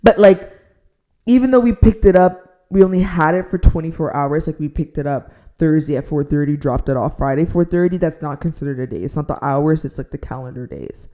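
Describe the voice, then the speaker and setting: A young adult woman telling a frustrated storytime rant, filling her talk with "like" and dropping to a near-whisper so she won't shout. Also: low voice, a little fast. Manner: exasperated, heavy use of "like", drops to a near-whisper to avoid shouting. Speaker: storytime vlogger.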